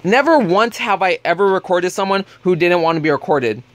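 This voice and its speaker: A man's voice: high voice, lively intonation, a little fast. A young man telling a heated story in a casual vlog rant, blunt and swearing freely. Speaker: vlogger.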